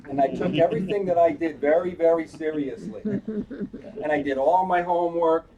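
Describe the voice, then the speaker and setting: An eighties-aged cantor tells a chatty, playful story as a sermon during a synagogue service, pausing to ask the children questions. His voice is a little high and moderately paced. The live-stream audio is distant and muffled, with crowd noise and faint background sound.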